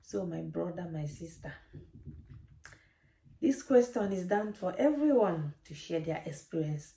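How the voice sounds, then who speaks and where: A woman's voice: fairly low pitch, animated, unhurried, gravelly, warm tone. A woman, a mother, talking straight to camera with parenting advice, earnest and preachy and repeating her points. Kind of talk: direct-to-camera advice talk. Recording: echoey room.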